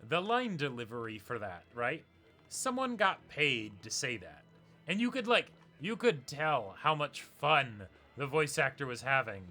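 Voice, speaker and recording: A man giving rambling, excitable commentary while streaming a video game. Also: medium pitch. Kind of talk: casual gameplay commentary. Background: faint game music.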